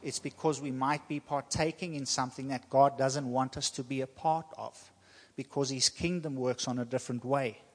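A man preaching a sermon to his congregation, emphatic and repetitive, with slow dramatic pauses. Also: mid-range voice, fairly even intonation. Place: church hall. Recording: long church hall reverb.

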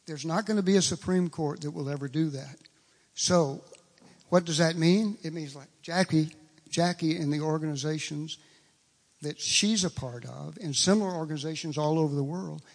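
Gravelly preacher with hall echo. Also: male voice, a little high. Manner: emphatic, repeats phrases for stress. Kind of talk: sermon. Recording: long reverb of a large hall.

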